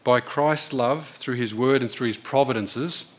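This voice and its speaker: A man's voice: mid-range voice, unhurried. A man preaching a sermon, telling a story in an earnest, conversational way.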